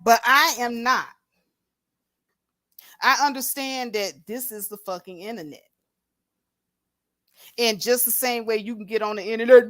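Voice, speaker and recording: A woman hosts an unscripted livestream and rants with blunt, profane confrontation. Her voice sits a bit high. The sound is dry and close, picked up on a plug-in mic. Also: a little slow, pauses often, no room sound. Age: adult with a grown daughter. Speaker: livestream host. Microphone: plug-in microphone.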